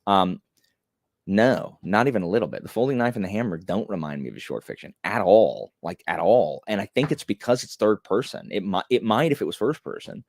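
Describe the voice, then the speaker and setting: A man's voice: on the low side, lively intonation, fairly quick, gravelly, dry recording. A young man chatting casually on a live stream, rambling and self-deprecating with many fillers.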